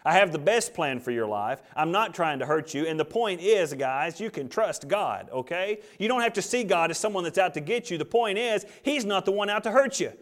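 A man's voice: sits high, expressive, a little fast, hardly any pauses, a bit bright. A man preaching a sermon, reading scripture aloud and building to emphatic, rising peaks. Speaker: pastor.

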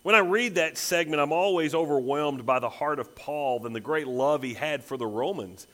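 A man's voice: a little high, moderate pace, fairly bright tone. A pastor delivering an expository sermon in a voice sitting a little above the usual male range. He is emphatic and stacks repeated phrases as he builds intensity.

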